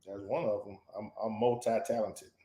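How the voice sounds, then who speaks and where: A man co-hosting a live stream, joking in a dry, low-key way in casual chat. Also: fairly even intonation, moderate pace, dark tone. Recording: roomy echo.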